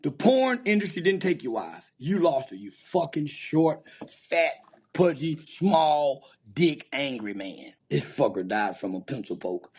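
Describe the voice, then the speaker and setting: A man's voice: on the high side, big pitch swings, a little slow, darkish tone, breathy edge. A man giving an angry, profane rant of commentary, taunting and insulting his target.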